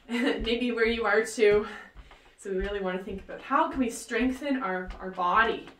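A woman's voice: mid-range voice, a bit bright, slight background noise. A woman leading a workout, upbeat and cheering with whoops and countdowns while she exercises along. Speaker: fitness instructor. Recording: roomy, voice distant from the mic.

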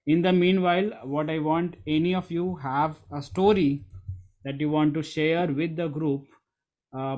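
A man's voice: a little high, lo-fi sound. Emphatic male coach. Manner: emphatic, repeats key words, calls on participants by name. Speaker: storytelling coach. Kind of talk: online group coaching session. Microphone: desk USB microphone.

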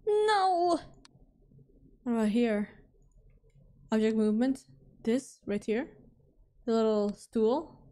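A woman's voice: on the high side, steady tone, measured pace, long pauses, mellow. A young woman streamer talking to herself through a horror game, jumpy and pleading, then joking at her own expense. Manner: jumpy, talks to herself, pleading and self-mocking. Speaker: VTuber streamer.

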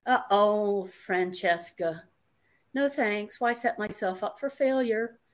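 A woman's voice: fairly high pitch, a little slow. A woman hosting a casual livestream chat, reading viewer comments aloud in a chatty, playful way.

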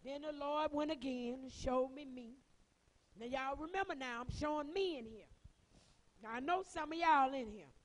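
Fervent high-voiced Southern woman preacher. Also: normal speed, rough recording. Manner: fervent, swinging between soft and shouted. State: crying. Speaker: minister. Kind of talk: testimony sermon.

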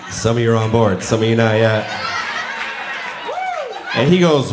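A man's voice: medium pitch, brisk, pauses often. A man in his forties doing a stand-up comedy set, telling self-mocking stories and acting out the dialogue. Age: 40s. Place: comedy club stage before a live audience. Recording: roomy live venue with crowd noise.

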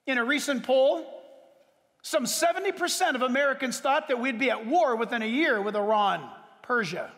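A man preaching a sermon as pastor to his church, emphatic, with sudden leaps in pitch and long drawn-out words. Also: expressive, fairly bright tone. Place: church sanctuary. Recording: reverberant hall.

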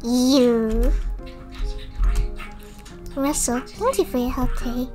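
A woman's voice: on the high side, measured pace, music in the background. A woman streaming a video game, chatting, thanking viewers and reading game text aloud. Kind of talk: casual gameplay commentary.

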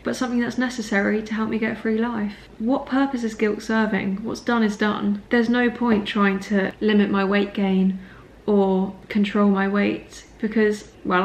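A woman's voice: medium pitch, darkish tone. A young woman talking earnestly in her recovery vlog, encouraging herself. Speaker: recovery vlogger. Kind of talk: personal vlog talk. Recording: echoey room with faint noise.

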